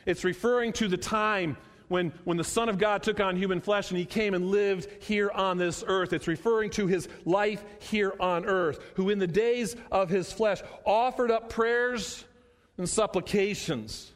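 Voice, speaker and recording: A male pastor delivers a sermon in a fairly high voice. He repeats his phrases and slows right down to lean on the words that matter. Long reverb from a large hall trails behind every line.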